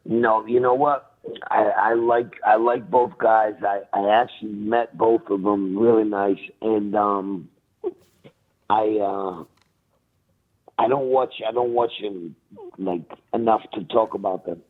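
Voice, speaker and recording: A man's voice: lowish voice, fairly even intonation, a little slow. A man, a retired boxer, talking bluntly as a guest in a casual interview and laughing as he talks. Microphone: phone call. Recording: tinny phone line.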